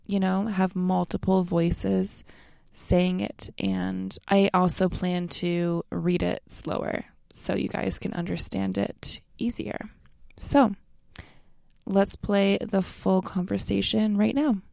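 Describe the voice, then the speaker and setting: Slow gravelly American woman teaching. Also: mid-range voice, no room sound, clean studio sound. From North America. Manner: slow, relaxed and friendly, addresses listeners as you guys. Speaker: language teacher. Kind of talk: casual explanatory lesson.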